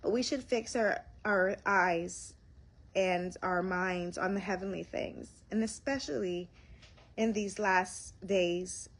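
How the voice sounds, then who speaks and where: A woman hosting a faith livestream from inside her home gives an emotional testimony, speaking slowly and earnestly and sounding close to tears. Her voice is mid-range with a steady tone.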